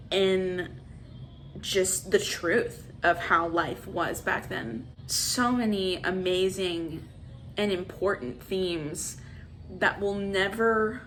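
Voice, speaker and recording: A woman in her twenties talks through a casual movie review, slow and drawn out, with animated, exasperated rants. Faint room ambience sits quietly behind her voice. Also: lowish voice, a little hiss or hum. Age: 20s. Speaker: vlogger.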